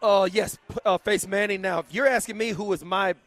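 A man, a former football player, making his points on a sports talk show with emphatic, drawn-out explanations. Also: sits high, fairly even intonation, a bit bright.

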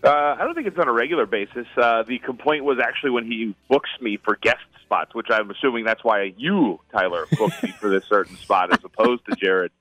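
A man's voice: medium pitch, animated, brisk, few pauses, fairly bright tone, no echo, low-quality recording. A man appearing as a guest on a sports radio show, giving firm, emphatic opinions. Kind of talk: sports talk radio interview.

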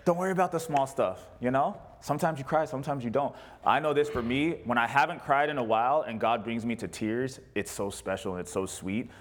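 Male pastor, animated, jokey conversational sermon, mid-pitched. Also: a little fast, few pauses, slight background noise. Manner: animated, jokey, acts out quotes. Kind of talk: sermon with congregation questions.

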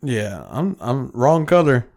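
A man's voice: medium pitch, takes it slowly. Man, casual podcast chat, profane, acts out quotes. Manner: profane, animated storytelling with voiced quotes. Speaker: podcast co-host.

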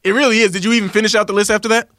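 A man co-hosting a sports radio show, joining in with quick, enthusiastic banter. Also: sits high, level tone, sharp tone, dry recording, studio quality. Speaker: radio co-host. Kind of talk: casual sports radio talk.

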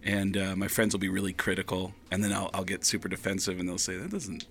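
A man's voice: low voice, a little hiss or hum. A male comedian chatting and telling stories as a guest in a radio studio. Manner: animated, jokey, quick impressions. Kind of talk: casual radio chat, storytelling.

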